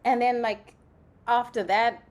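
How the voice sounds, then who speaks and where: A woman's voice: on the high side, takes it slowly. Chatty young woman from Zimbabwe. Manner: animated storytelling, many "like" fillers, acts out quotes. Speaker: guest, playwright and actress. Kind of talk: casual conversational interview.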